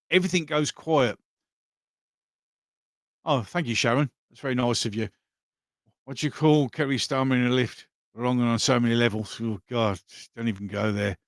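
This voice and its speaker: A man's voice: mid-range voice, a bit bright, dry recording. Rambling male live-stream host, dry sound. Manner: rambling, with many fillers and restarts. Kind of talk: casual live chat reading viewer comments.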